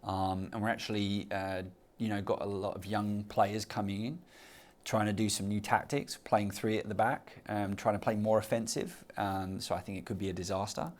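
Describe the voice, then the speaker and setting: A middle-aged man from Southeast London whose London accent has worn soft. He speaks fairly low and talks in a casual, self-deprecating podcast chat, telling stories with plenty of energy. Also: moderate pace. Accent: Southeast London, softened. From Southeast London, England. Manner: self-deprecating, animated storyteller. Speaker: podcast guest, professor.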